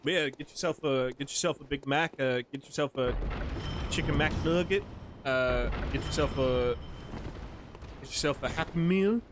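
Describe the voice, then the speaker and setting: A man's voice: medium pitch, background noise. A man in his twenties chatting casually with viewers while playing a game, slangy and rambling, laughing often. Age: 20s. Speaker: streamer. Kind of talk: casual gameplay commentary to chat.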